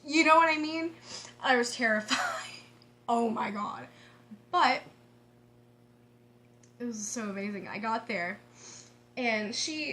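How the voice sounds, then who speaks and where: A woman vlogger telling a story in a casual, excitable way, laughing often and restarting her sentences. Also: on the high side, normal speed, pauses often, a little hiss or hum.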